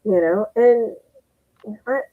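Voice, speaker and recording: With a slightly high voice and a slow delivery, a middle-aged Japanese-heritage woman tells rambling comic stories as a guest, laughing and voicing what others said. The sound is phone-quality with slight background noise.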